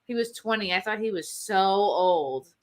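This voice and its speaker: A woman's voice: mid-range voice, lively intonation, measured pace, a little hiss or hum. A woman guest in a casual chat, telling stories in a candid, offhand way.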